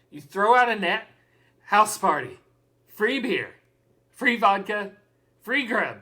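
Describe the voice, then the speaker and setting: A man on a stream doing cold, deliberately deadpan dramatic readings of excerpts. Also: high-pitched, breathy edge. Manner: deliberately deadpan, over-earnest delivery.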